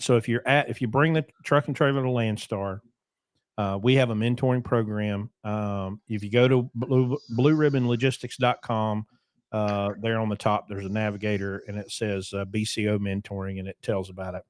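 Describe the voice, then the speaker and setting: A man hosting a casual trucking podcast, talking loosely with plenty of ums and asides. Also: lowish voice. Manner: loose, rambling, with many ums. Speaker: podcast host.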